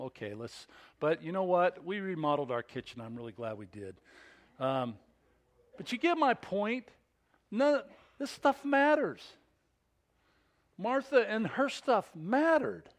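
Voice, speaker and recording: Man preaching a sermon, slow and lively, really acts stuff out. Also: high voice. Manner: expressive, acts out scripture scenes. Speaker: pastor.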